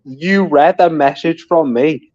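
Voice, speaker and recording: A man's voice: a little high, slow, darkish tone, dry recording. A man chatting casually and swearing on a live stream, laughing often as he tells stories. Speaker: guest on a live stream chat. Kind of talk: casual chat. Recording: dull lo-fi audio.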